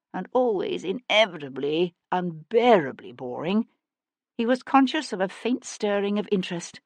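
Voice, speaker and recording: A woman narrating a historical mystery audiobook in a measured, expressive storytelling manner, close to the mic. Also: mid-range voice, no echo. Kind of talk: scripted narration.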